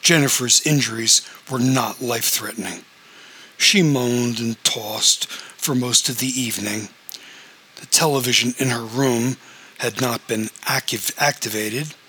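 A man reading a story aloud as the narrator, in a steady, even manner. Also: medium pitch, unhurried, breathy edge, poor audio. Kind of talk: audiobook narration.

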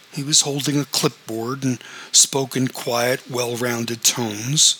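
A man reading a story aloud as the narrator, in a steady, even manner. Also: medium pitch, husky, poor audio. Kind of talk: audiobook narration.

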